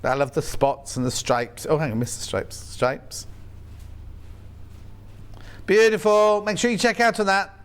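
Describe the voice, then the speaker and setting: A man's voice: high-pitched, big pitch swings, a little fast, hardly any pauses, clean tone. A man with a Yorkshire accent presenting live on a shopping channel, chatty and playful with jokey asides.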